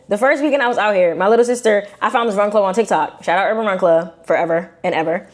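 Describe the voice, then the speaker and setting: A young woman from Brooklyn with a New York accent, telling a personal story to her viewers in a casual, animated, slangy way. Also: medium pitch. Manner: animated, slangy, acts out quotes in shifting voices. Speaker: vlogger.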